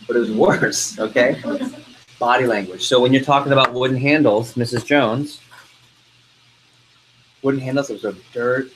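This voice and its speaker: An energetic man leads a sales training class, tossing quick questions at the room and pushing the group to respond. His voice sits at a typical middle pitch, and a faint hiss runs under the recording. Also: rough recording. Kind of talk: interactive training talk.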